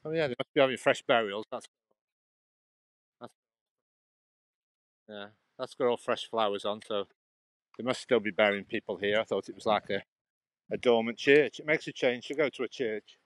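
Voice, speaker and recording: A man's voice: medium pitch, normal speed, long pauses, no room sound. A man vlogging casually while walking outdoors through a churchyard, chatting in a rambling way with frequent restarts.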